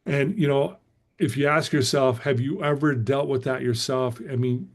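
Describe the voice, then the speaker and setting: Middle-aged male motivational coach, mid-pitched, earnest storyteller, loose and chatty with fillers. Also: moderate pace. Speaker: motivational speaker and recovery coach. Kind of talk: casual motivational talk.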